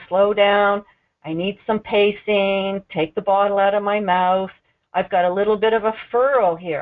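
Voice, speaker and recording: A woman giving an educational talk on newborn care, explaining gently and clearly, sometimes slowing to voice a baby's cues. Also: lowish voice. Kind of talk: recorded educational presentation. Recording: tinny phone-like sound.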